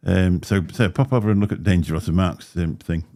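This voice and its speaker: Speaking fairly quickly in a low, slightly mellow voice, this livestream host rambles through casual chat, laughing often and lisping a little. The audio comes from a desk mic.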